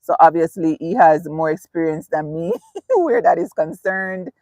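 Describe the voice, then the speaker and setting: Chatty low-voiced woman live-streaming. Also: animated, normal speed, dry recording. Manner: chatty, laughs often, thanks viewers warmly. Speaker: livestream host. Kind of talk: casual live-stream chat reading comments.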